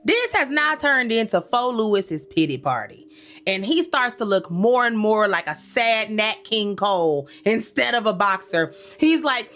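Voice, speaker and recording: This woman hosts a comedic recap with a mid-range voice at a normal speed, sassy and full of slang. She's animated, calls her listeners y'all, and scolds the characters, talking back to them in quoted asides.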